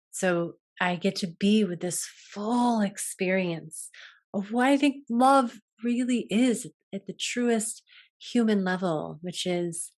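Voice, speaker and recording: A woman hosting a reflective solo talk as a yoga teacher, soft-spoken and gentle, often trailing off and restarting her sentences. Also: fairly low pitch. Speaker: podcast host and yoga teacher.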